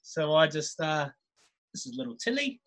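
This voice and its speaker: Laid-back New Zealand man in his thirties, bright and a little high, easygoing podcast guest. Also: big pitch swings, moderate pace, rough recording. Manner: laid-back, chuckles often, many restarts. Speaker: podcast guest, rugby player. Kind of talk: casual storytelling chat.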